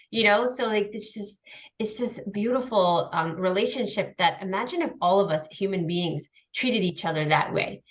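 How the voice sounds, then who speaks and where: A woman talking casually on a podcast over a video call. She is animated and likes to act out little scenes, jumping up into playful voices when she quotes herself talking to her dogs. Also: on the high side, fairly quick. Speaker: podcast guest. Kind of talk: casual chat.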